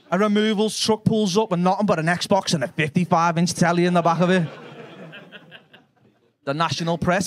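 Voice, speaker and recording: A man with a Liverpool accent doing live stand-up comedy. He swears and banters brashly with the crowd. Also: high voice.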